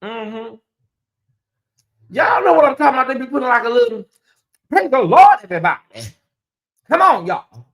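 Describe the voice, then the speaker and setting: Bright, high-voiced man chatting with viewers. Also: gravelly. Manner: animated and chatty, slips into mocking put-on voices; talks straight to viewers and reads chat aloud. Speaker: host. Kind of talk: casual livestream commentary.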